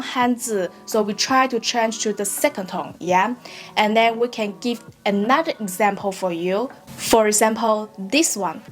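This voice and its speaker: Woman tutor, Chinese accent, fairly high voice, slow and patient, soft music under her. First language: Mandarin. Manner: patient, explanatory, often asks "right?"; models Mandarin words slowly and deliberately. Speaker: Mandarin tutor. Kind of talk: online language lesson.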